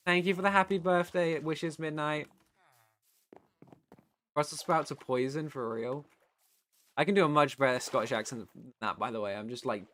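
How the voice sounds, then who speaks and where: A UK streamer and voice actor chats casually on a live stream, reading chat aloud and rambling with the odd swear. His medium-pitched voice is bright and forceful.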